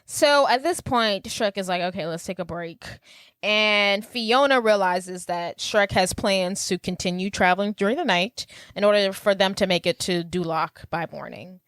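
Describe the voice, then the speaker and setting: A woman's voice: medium pitch, moderate pace, a bit bright, no echo. A woman co-hosting a podcast, casually retelling a movie plot and quoting lines in character. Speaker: podcast co-host. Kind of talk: casual movie recap chat.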